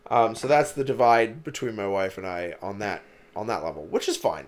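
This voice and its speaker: A man's voice: on the low side, big pitch swings, moderate pace. A young man from Wisconsin, co-hosting a podcast and telling stories in casual chat, rambling with lots of "like" and swearing. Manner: rambling storyteller, lots of "like" and cursing. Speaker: podcast co-host.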